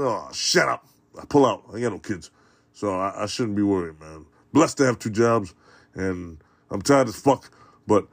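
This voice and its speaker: A man's voice: on the low side, animated, normal speed. A man hosting his own podcast alone, rambling casually and cursing freely. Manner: profane, rambling, laid-back. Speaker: podcast host. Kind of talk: casual solo podcast monologue. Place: home in New York.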